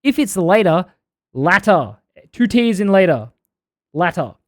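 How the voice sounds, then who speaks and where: A man reading out a viewer's long complaint in a put-on New Zealand accent that drifts toward Australian, with an earnest, steady delivery. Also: high voice, fast, dry recording, studio quality.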